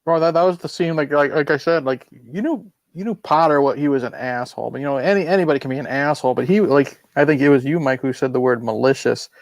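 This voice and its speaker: A man's voice: mid-range voice, fast talker, hardly any pauses, no echo. A man on a casual film podcast giving loose, opinionated takes full of fillers. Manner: loose, opinionated, lots of "you know". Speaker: podcast panelist.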